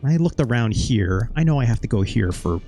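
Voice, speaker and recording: A man's voice: medium pitch, animated, brisk, warm tone, faint music behind. Casual male gaming host, rambling recap, loose and profane, mid-range voice. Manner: rambling, swears casually, recaps with quoted asides. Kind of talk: casual let's-play commentary.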